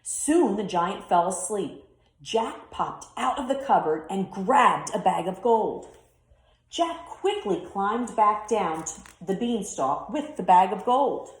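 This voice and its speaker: Taking her time, a teacher narrates a children's story in a storytelling voice with plenty of pitch movement. She speaks slowly, and the room's echo is clearly audible.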